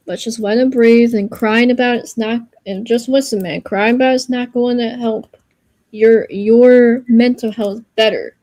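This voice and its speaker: A woman's voice: on the high side, fairly even intonation, moderate pace, a little mellow, no room sound. A woman on a casual livestream giving an earnest, reassuring pep talk, rambling and searching for her words as she goes.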